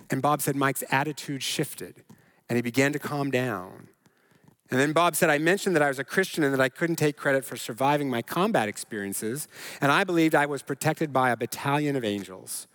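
A man's voice: a little high, fairly bright tone. A male pastor delivering a sermon in an earnest preaching manner that builds to emphatic repetition.

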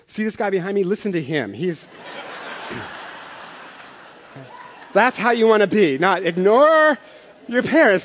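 A man preaching a sermon as pastor, telling stories in a conversational way with self-deprecating humor. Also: high-pitched. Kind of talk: sermon with storytelling. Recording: long hall reverb.

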